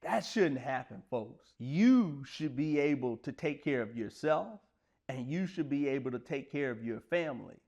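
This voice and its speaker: A man's voice: medium pitch, lively intonation, normal speed, a little mellow, dull audio. A man, telling personal stories in an earnest, plain-spoken, conversational way to motivate listeners. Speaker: speaker sharing personal stories. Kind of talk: motivational storytelling monologue.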